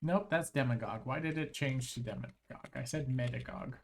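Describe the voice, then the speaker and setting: A live streamer in casual chat, rambling and restarting phrases, voice strained with frequent throat clearing. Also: medium pitch, a little fast, a little hiss or hum.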